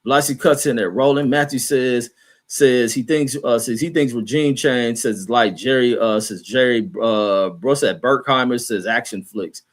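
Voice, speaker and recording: A man's voice: medium pitch, moderate pace. A man hosting a livestream, ranting in a profane, combative and mocking way while he reads out and answers chat comments. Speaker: livestream host reading chat. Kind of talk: heated livestream rant.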